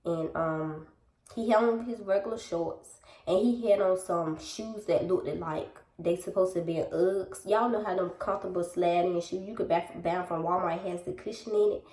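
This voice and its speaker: Young woman vlogger, lowish voice, chatty storytime delivery straight to camera, roomy echoey room. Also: moderate pace, a little mellow. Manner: chatty, addresses viewers directly, acts out dialogue. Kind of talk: casual storytime chat.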